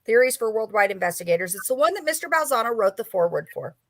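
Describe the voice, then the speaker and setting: Guesting on an interview, this author and paranormal investigator tells a story in a chatty, meandering way thick with fillers. She's a fast talker, very animated, with a voice on the high side and no echo in the recording.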